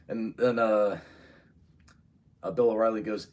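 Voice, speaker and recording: A man's voice: lowish voice, steady tone, fairly quick, a little mellow. Rambling man thinking aloud. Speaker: video creator. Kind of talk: casual solo vlog.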